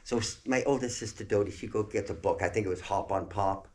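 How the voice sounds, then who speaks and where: An older man telling a family story in a chatty, animated way, laughing along as he goes. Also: lowish voice, quick pace, a little hiss or hum.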